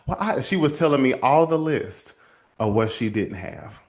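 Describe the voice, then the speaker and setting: A man hosting a show and telling a story from his counseling work in a lively, casual way, calling his listeners y'all. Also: medium pitch, moderate pace. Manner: animated, addresses listeners as y'all, acts out quotes. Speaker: host and counselor.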